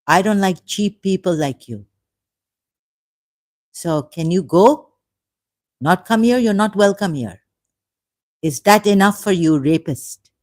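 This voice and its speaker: A woman hosting a live stream, slowly and indignantly scolding commenters in the chat. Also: mid-range voice, expressive, darkish tone. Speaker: channel host answering live chat.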